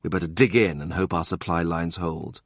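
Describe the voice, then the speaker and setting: A man narrating a historical novel as an audiobook, expressive and measured. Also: low-pitched, husky, dry recording, clean studio sound.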